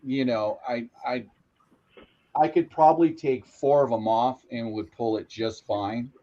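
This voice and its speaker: A man's voice: medium pitch, measured pace, mellow, dull audio. A man hosting a casual live stream, explaining things step by step with frequent restarts. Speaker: host. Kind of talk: casual chat. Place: home train room.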